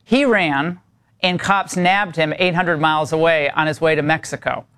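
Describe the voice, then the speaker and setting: A man's voice: on the high side, steady tone, normal speed, background noise. A man hosting a cable news show, interviewing guests in an emphatic, indignant way. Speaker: TV news host.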